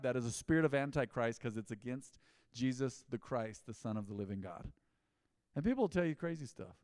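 Pastor preaching in a big hall. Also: male voice, medium pitch, lively intonation, fairly quick, clean studio sound. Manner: conversational preaching, swings from loud emphasis to quiet asides. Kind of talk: mid-week sermon. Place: church sanctuary. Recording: long reverb of a large church hall.

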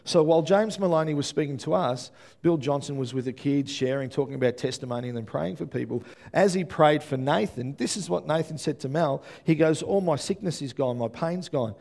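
An Australian man preaching a sermon as pastor, telling stories with lively energy and often checking in with the congregation. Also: on the high side, a little fast, creaky. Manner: animated storytelling with frequent "yeah?" check-ins to the congregation.

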